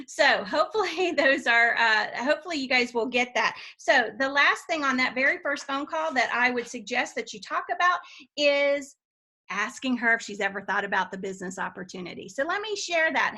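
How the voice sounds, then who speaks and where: Bright-voiced chatty woman sales coach. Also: fairly high pitch. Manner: chatty, addresses listeners with questions. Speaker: direct sales trainer. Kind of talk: conversational training talk.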